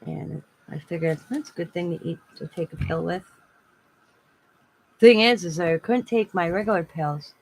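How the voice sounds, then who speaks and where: A woman's voice: fairly low pitch, normal speed, gravelly, rough recording. A woman hosting a casual crafting livestream from her home craft room, chatting in a rambling way and laughing often. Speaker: craft channel host.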